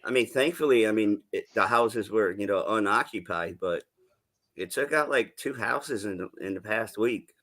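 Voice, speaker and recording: A man's voice: on the low side, moderate pace, fairly bright tone. A man from New England with a Southern-tinged accent, chatting casually on a live stream panel, rambling and swearing with easy laughs. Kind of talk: casual chat.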